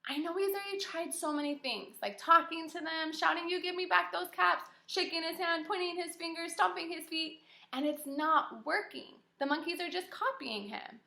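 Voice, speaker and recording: A young woman teacher reading a story aloud to kindergarteners, animated and encouraging, asking the children questions. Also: very high voice, normal speed, creaky. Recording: echoey room.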